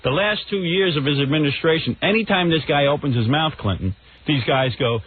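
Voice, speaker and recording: A man's voice: on the high side, animated, fairly quick, few pauses, slight background noise. A man hosting a radio show, ranting in a brash, combative way. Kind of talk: radio rant. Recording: tinny phone-like radio recording.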